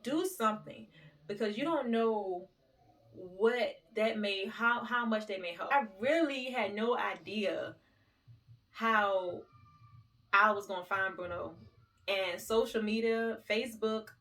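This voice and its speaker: A woman's voice: mid-range voice, slow, a bit bright, distant mic. A woman vlogger tells a story in a casual, emotional way and calls her viewers "y'all". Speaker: lifestyle vlogger. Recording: voice set back from the mic.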